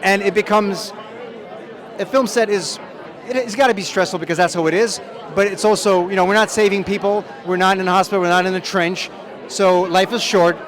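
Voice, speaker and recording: A man with a high voice tells chatty, self-deprecating anecdotes in an interview. He is a film director at an outdoor premiere. A crowd chatters loudly behind him. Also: fairly even intonation, a little fast. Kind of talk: press junket interview.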